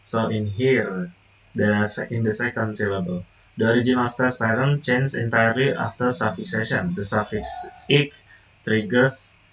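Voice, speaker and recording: A young man, a student whose first language is Indonesian, reading a class presentation haltingly, with restarts and self-corrections. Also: fairly low pitch, steady tone, fairly bright tone, recorded from a distance, lo-fi sound. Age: young adult.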